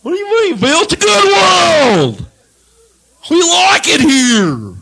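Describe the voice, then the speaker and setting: A man voicing a dim, cheerful crowd member who shouts back in a high, bleating voice. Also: huge pitch swings, slow pace, gravelly, exaggerated voice. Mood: indignant.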